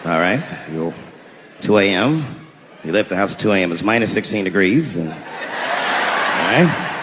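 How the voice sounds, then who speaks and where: A man voicing a weary, skeptical veteran police officer who asks slow, deadpan questions. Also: low voice, voice pushed down. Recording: echoey live venue with audience noise.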